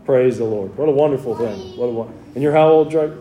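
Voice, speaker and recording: A man's voice: medium pitch, brisk, warm tone, roomy sound. A man in his forties preaching a sermon as pastor, fervent at times and then chatting with the congregation. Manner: fervent preaching that shifts to friendly talk with the congregation. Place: church sanctuary.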